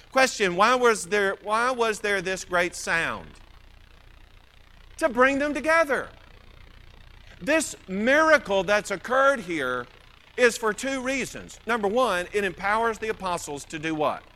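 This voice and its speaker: A man with a Mississippi accent preaching through a scripture passage. His voice sits high and bright, and it swings widely as he fires rhetorical questions and answers them himself. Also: low-quality recording. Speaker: Bible teacher. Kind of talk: expository Bible teaching.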